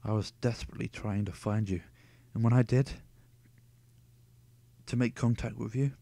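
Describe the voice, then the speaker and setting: A man reading out a brooding, wounded young male lover in a book, quiet and confessional. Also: medium pitch, steady tone, normal speed, gravelly, no echo.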